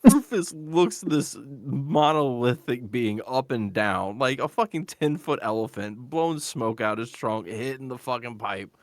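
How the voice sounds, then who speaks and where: A man playing a tabletop game, lively and joking, laughing often. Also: mid-range voice, unhurried, few pauses, no room sound. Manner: laughs a lot, lively and jokey. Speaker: player. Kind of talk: casual tabletop role-play.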